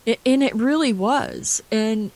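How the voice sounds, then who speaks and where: A woman co-hosting a casual podcast chat, animated and swearing freely, with many restarts. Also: a little high, a little slow, vocal fry. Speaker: podcast co-host.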